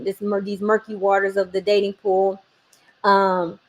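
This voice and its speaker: A woman in her forties in casual conversation, telling a family story and acting out the voices she quotes. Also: mid-range voice.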